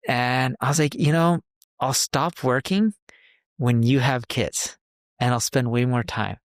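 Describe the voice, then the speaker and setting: A man's voice: mid-range voice, a little slow, dry recording, clean studio sound. Man in his forties telling a story. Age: 40s. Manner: storytelling, quoting others in conversation. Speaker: podcast co-host. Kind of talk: casual chat.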